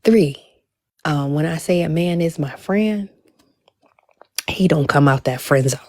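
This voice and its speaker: Low-voiced chatty woman livestreamer. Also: measured pace, mellow, dry recording, clean studio sound. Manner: chatty, drops into whispers at times. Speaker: livestream host. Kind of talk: casual livestream chat.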